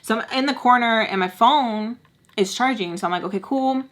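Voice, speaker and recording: A woman in her twenties telling a casual storytime, animated and slangy, acting out every quote. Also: fairly high pitch, moderate pace. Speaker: vlogger.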